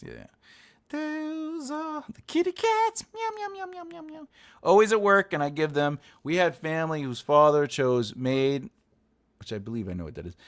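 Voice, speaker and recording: A man hosting a writing livestream, chatting casually and rambling as he reads out and answers chat messages, often laughing. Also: mid-range voice.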